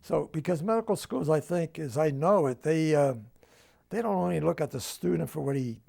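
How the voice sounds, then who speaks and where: A man's voice: fairly high pitch, moderate pace, creaky, mellow. An older man with a New Jersey accent, telling family stories in an oral history interview at home and acting out the dialogue. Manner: storytelling, acts out quoted dialogue.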